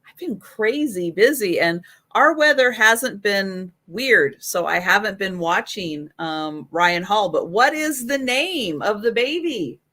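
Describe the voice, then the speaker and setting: A woman's voice: medium pitch, animated, takes it slowly, hardly any pauses, bright, forceful tone. A woman hosting a live vintage sale, chatting casually and rambling with restarts. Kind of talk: casual live-stream chat.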